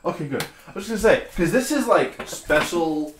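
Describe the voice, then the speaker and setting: A young man co-hosts a casual live stream from a studio room that's being painted, joking around and reading the chat aloud as he paints. His voice is on the high side and a little fast, with an animated, jokey manner. The recording has a roomy echo and faint noise.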